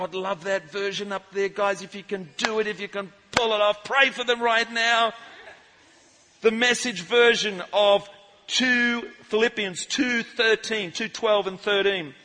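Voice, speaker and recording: A man preaching with a high, bright and ringing voice. He jumps between playful asides and loud calls to the crowd, and his words echo around a large church hall. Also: a little slow. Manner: animated, jokey, shouts out to the crowd. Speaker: pastor. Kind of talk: lively church sermon. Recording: live sermon in a reverberant church hall.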